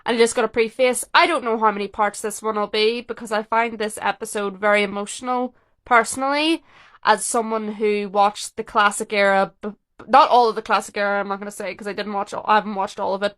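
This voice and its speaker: A young woman vlogger reacting to a rewatch in casual, chatty commentary. She is excitable and opinionated, and her sentences restart and interrupt themselves. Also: medium pitch. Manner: excitable, talks fast with restarts and self-interruptions; opinionated, emotional fan.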